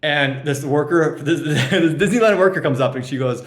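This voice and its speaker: A man's voice: on the high side, normal speed, hardly any pauses, roomy sound. A young man roasting his fantasy league friends as he hands out draft grades, teasing and rambling, with lots of ums and laughs at his own jokes. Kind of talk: joking casual roast.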